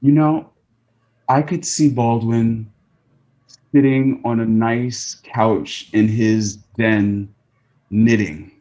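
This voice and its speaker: A man as an interview guest, speaking thoughtfully with frequent pauses and ums. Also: medium pitch, fairly even intonation, warm tone. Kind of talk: casual interview.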